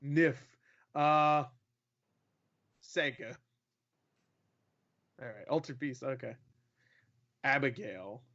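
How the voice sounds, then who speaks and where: A man's voice: medium pitch, extremely slow, pauses often, a bit bright. A man riffing on a gaming podcast, loose and profane. His voice sits mid-range and comes through a bit dull and lo-fi. The talk is casual banter among friends. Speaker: podcast co-host.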